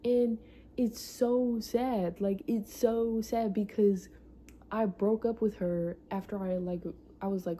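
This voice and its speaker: A woman's voice: medium pitch, steady tone, slow pace, dark tone, slight background noise. A young adult woman telling a personal story in a casual vlog, emotional and profane, often repeating herself for emphasis. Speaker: vlogger.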